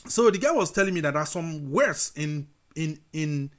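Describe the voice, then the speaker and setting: A man with a Nigerian accent hosts a relaxed conversation, slipping between English and Pidgin phrases. His voice sits a little high for a man, and he often pauses with fillers and restarts. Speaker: host. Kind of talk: casual language chat.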